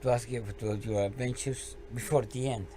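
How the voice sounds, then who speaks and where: A man's voice: mid-range voice, steady tone, moderate pace, mellow, a little hiss or hum. A man co-hosting a casual podcast, mostly answering with short agreeing interjections. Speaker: podcast co-host. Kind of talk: casual chat.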